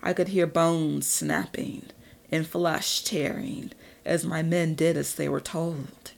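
A woman narrating a story in an audiobook, measured and even. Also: low voice, creaky. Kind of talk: audiobook reading.

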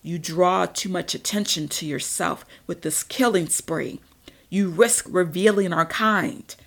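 A woman's voice: lowish voice, measured pace, creaky. A woman reading the lines of a stern, cautious, centuries-old male vampire in an audiobook, grave and warning.

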